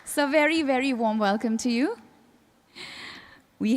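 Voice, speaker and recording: Woman emcee, high voice, formal ceremony hosting, polished announcing. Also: measured pace, pauses often. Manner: polished, announcing names with rising emphasis. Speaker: event emcee.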